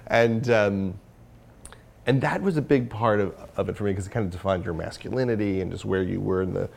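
A man's voice: fairly low pitch, brisk, vocal fry, a little mellow. A man talking candidly in an interview as the guest, rambling with many fillers and restarts. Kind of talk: casual interview conversation.

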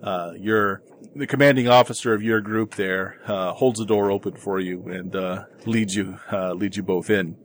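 A man narrating as game master of a tabletop role-playing game, halting with many filler words. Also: fairly low pitch, steady tone, slight background noise.

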